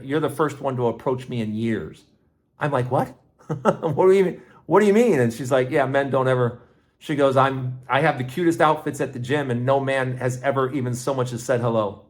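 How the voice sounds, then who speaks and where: A middle-aged man hosting his own podcast, telling a personal story in a rambling, casual way with restarts and lively asides. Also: fairly high pitch. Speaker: podcast host.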